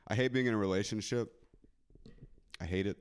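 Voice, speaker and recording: A man's voice: on the low side, brisk, smooth. A man doing a live stand-up set on a club stage, crude and rambling, often laughing at his own jokes. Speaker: stand-up comedian.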